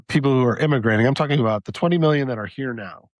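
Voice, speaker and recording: A man's voice: medium pitch, very fast, dry recording. Man co-hosting a political chat podcast. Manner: thinks aloud, lays out a plan step by step. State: losing his voice. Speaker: podcast co-host. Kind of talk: casual political debate.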